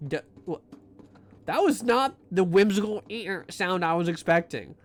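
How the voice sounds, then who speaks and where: A man's voice: high-pitched, animated, normal speed. A young man streaming a horror game, chatting to his viewers in a rambling, jokey way with many restarts and asides. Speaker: livestreamer playing a horror game. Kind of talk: casual gameplay commentary to chat.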